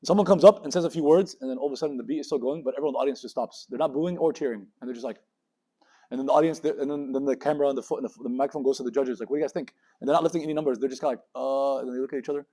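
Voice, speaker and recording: A man in his thirties giving a religious talk to university students in a lecture room, talking very fast and acting out the voices of people in his stories. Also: medium pitch, warm tone. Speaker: Muslim speaker giving a campus talk.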